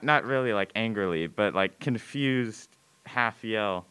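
Teen male storyteller, bright clear voice, halting and self-deprecating. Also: on the low side. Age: teens. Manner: hesitant, filler-heavy, self-mocking. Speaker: student storyteller. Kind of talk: personal story told live.

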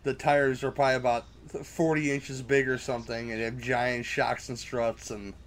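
A man's voice: mid-range voice, flat delivery, normal speed. A man hosting a casual movie commentary, talking loosely and crudely and joking often. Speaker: podcast commentary host.

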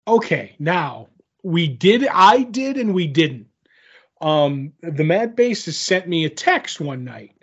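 Higher-voiced man on lo-fi call audio. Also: sing-song, takes it slowly, a bit bright, slightly rough. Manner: rambling, filler-heavy, self-mocking. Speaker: podcast co-host. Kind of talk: casual chat. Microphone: remote call recording.

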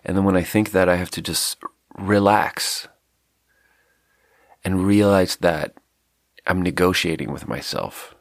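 Deep-voiced guy with a blocked nose, a slight south african slip, musing on his podcast, self-deprecating, dry close sound. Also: measured pace, long pauses, no room sound. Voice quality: stuffy nose. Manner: rambling, self-deprecating, reflective. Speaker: podcast host. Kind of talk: casual solo podcast monologue.

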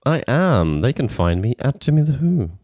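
A man's voice: medium pitch, very animated, moderate pace, a little mellow, no room sound, studio quality. A man co-hosting a casual podcast, joking around and laughing often. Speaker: podcast co-host.

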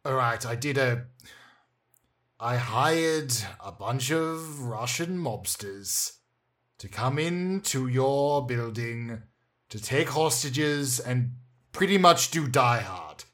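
A man's voice: mid-range voice, expressive, takes it slowly, a bit bright. A man playing a self-righteous comedy podcast host in playful banter.

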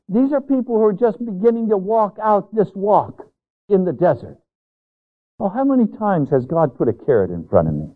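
A man's voice: sits high, very animated, moderate pace. A man pastor preaching a sermon with emphasis, stretching out key words. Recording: tinny, phone-like narrow sound.

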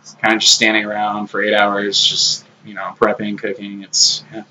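A man's voice: lowish voice, completely flat delivery, normal speed, sharp tone, low-quality recording. A man co-hosting a podcast, talking in a blunt, profane and sardonic way. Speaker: podcast co-host, former line cook. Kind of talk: casual chat.

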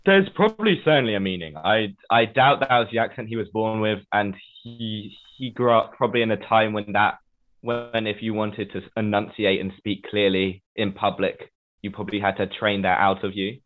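A man's voice: on the low side, normal speed. A man with a Southern English accent chatting as a guest, hedging often with "sort of". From England. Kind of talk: casual chat. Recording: tinny phone-like line.

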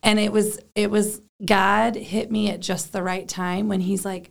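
Mom talking parenting, super gravelly fry voice, chatty, says like a lot. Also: female voice, medium pitch, level tone, unhurried, hardly any pauses. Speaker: co-host, parent. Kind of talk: casual faith talk.

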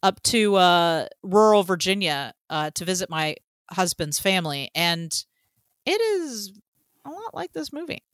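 A woman's voice: on the low side, big pitch swings, unhurried, dry recording. A woman from Georgia co-hosting a podcast, chatting casually with many fillers and some swearing. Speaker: podcast co-host. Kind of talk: casual chat.

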